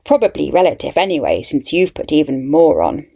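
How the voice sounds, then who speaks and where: A woman's voice: low-pitched, sing-song, brisk, creaky, mellow, husky, heavily acted. A woman voicing a haughty, tactless aristocratic lady medium in an audio story. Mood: cutting. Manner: imperious, tetchy.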